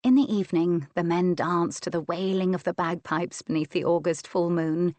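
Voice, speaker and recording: A woman narrating an audiobook of a romance novel with a slow, sensual, deliberate reading. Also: fairly low pitch, fairly even intonation, a little mellow, no room sound.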